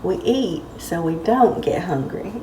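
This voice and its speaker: A sweet, gracious older grandmother with a Southern drawl, as a woman puts her on. She sounds a little deep and comes from some way off the mic in a roomy space with faint ambience. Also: animated, measured pace, mellow, distant mic, slight background noise. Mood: fond.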